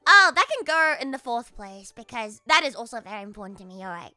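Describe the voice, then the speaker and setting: A woman's voice: high voice, huge pitch swings, normal speed, bright, forceful tone, no room sound. A woman streamer in casual sarcastic chat, rambling and laughing often, on a close mic.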